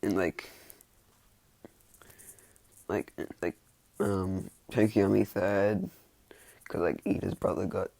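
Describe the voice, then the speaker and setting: A man's voice: sits low, steady tone, takes it slowly, vocal fry, long pauses, a little mellow, slightly rough, no echo. A young man casually retelling a fan-made story, rambling and self-mocking, with lots of "like" and restarts.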